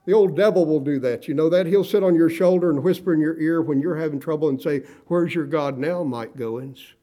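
A middle-aged man delivering a sermon in a warm, mellow voice that sits a little high. He preaches emphatically, drawing out the words he wants to land. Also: fast talker. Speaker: pastor.

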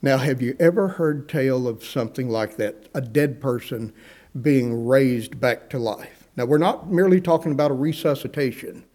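Mellow-voiced man preaching a sermon. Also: mid-range voice, moderate pace. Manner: earnest preaching, acts out quoted speakers; asks the congregation questions. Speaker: pastor.

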